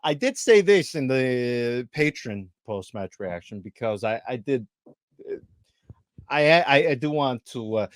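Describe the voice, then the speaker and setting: A man in his thirties rants on a podcast, exasperated and emphatic, hammering the same point again and again. His voice sits at an ordinary pitch for a man. The recording is close and dry. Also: animated, measured pace, no echo. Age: 30s. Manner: exasperated, emphatic, repeats himself. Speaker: podcast co-host. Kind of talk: heated podcast rant.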